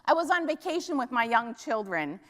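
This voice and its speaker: A woman's voice: fairly high pitch, big pitch swings, brisk, fairly bright tone. A middle-aged woman from Minneapolis giving a conference keynote, telling stories and often asking the audience "right?". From Minneapolis, US Midwest. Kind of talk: keynote talk. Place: conference hall stage. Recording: large hall with long reverb.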